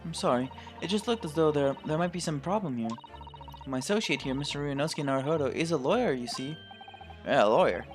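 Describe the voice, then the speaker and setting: A man voicing a gentle, polite young woman assistant in a game, speaking formally. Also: on the high side, a little fast, faint music behind, natural voice.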